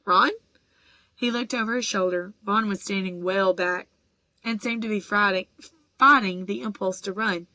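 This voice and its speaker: A woman narrating an audiobook in a steady, even storytelling voice. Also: medium pitch, normal speed, no room sound. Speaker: audiobook reader.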